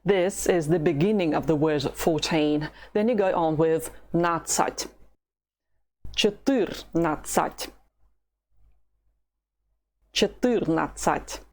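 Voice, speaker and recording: A woman from Russia with a Russian accent, a patient language teacher who models words slowly for the listener to repeat. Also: deep voice, darkish tone. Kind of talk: slow language lesson with repetition drills.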